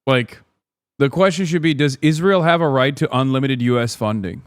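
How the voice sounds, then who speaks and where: A male streamer riffs through a casual livestream reaction, swearing freely and mocking viewers' comments. His voice sits at a medium pitch, recorded close and dry with no room sound. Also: normal speed, clean tone, no echo. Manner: profane, animated ranting.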